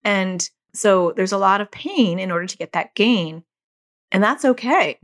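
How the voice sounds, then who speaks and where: A middle-aged woman, a mother and parent educator, explaining casually and acting out quoted lines in a higher voice. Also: expressive, measured pace. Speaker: parent educator teaching about OCD.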